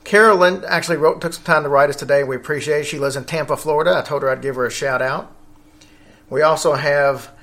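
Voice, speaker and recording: A man's voice: on the high side, fast, a bit bright. A man hosting a casual podcast, rambling along with fillers and self-corrections. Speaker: podcast host.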